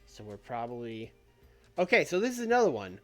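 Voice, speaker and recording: A man live-streaming a wrestling booking game who talks through every decision in loose, rambling chat. His pitch swings widely, and he curses casually as he goes. Soft music plays faintly behind him. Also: big pitch swings, a little fast. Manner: thinks aloud, swears casually, trails off and restarts. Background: faint background music.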